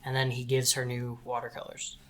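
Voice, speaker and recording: A man's voice: mid-range voice, completely flat delivery, fairly quick, a bit bright. A man co-hosting a podcast, tentatively suggesting story ideas. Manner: tentative, offers ideas with "maybe". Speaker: podcast co-host. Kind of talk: casual brainstorming chat.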